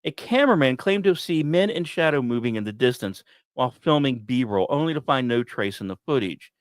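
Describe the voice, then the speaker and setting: A man hosting a podcast, telling a history story with dramatic pauses and wry asides. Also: no echo, clean studio sound. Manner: dramatic, wry asides, lively pitch swings. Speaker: podcast host. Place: small dry studio.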